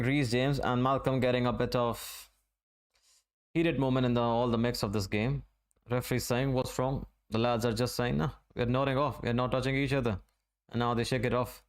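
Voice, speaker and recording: Smooth-voiced man doing live football commentary. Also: mid-range voice. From Asia. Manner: running play-by-play, conversational and unhurried. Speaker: streamer. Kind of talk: live match watch-along commentary.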